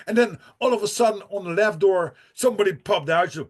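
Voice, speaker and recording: This Dutch podcast guest talks fast with few pauses in a high voice, telling a profane, wandering story that he keeps laughing through and restarting.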